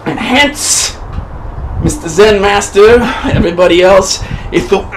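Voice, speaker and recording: A man delivering a profane, manic improvised comedy rant to the camera, often shouting. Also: high-pitched, measured pace, a little hiss or hum, low-quality recording. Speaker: performer of an improvised comedy monologue.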